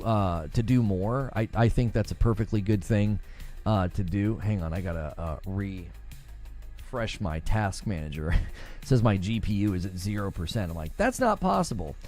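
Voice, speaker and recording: A man's voice: mid-range voice, a little mellow. A man streaming live, chatting casually about a game, rambling with repeated words and many fillers as he reads chat comments and reacts. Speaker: gaming streamer.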